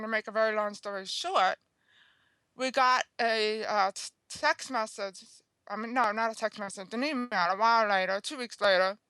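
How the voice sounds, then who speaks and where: Earnest, chatty woman with a bright voice. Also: on the high side, dry recording. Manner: chatty, earnest, checks in with "okay?" and "you know". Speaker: guest author. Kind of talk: telling a personal story in an interview.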